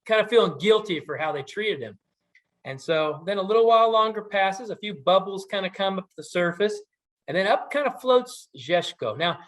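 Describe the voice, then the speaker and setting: Chatty man telling a folk story. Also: high voice. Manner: conversational, with many fillers and asides. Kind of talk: casual oral storytelling.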